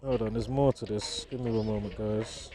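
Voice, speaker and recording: A man's voice: lowish voice, steady tone, normal speed, dark tone, soft background music. A man vlogging outdoors in a park, in casual commentary to viewers, chuckling often and chatty, with frequent restarts.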